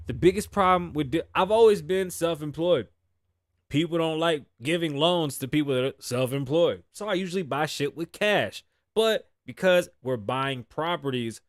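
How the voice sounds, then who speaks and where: A man's voice: fairly high pitch, dry recording, studio quality. A man hosting his live show, talking casually and profanely, telling stories with sighs and laughs. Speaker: host. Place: Las Vegas.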